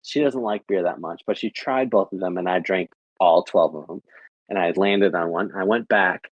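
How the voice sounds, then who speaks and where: Young american guy rambling to his chat, husky lowish voice, dry sound. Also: moderate pace, no echo, muffled recording. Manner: rambling, repeats filler phrases. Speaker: livestreamer chatting with viewers. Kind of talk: casual chat.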